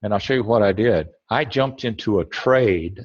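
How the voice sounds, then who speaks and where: A man's voice: fairly low pitch, lively intonation, moderate pace, highs cut off. A man teaching a trading webinar over a screen share, rambling and correcting himself as he thinks aloud.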